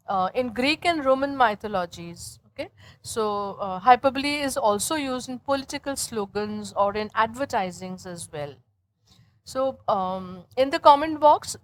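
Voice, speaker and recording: A woman's voice: on the high side, poor audio. A woman teaching English grammar as a lecture, explaining step by step and often checking in with her students. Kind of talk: classroom lecture.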